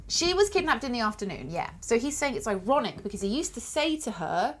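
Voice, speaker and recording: A woman streams a detective board game, chatting casually, thinking aloud, and thanking her viewers as she plays. Her slightly high, sing-song voice moves briskly with hardly any pauses.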